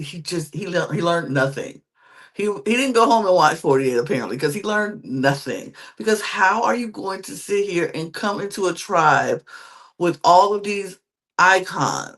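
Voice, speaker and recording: A woman co-hosting a podcast, casually recapping a TV episode, quoting the people in it in quick acted asides and giving emphatic, exasperated opinions. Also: on the low side. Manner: chatty, quotes contestants in quick acted asides. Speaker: podcast co-host.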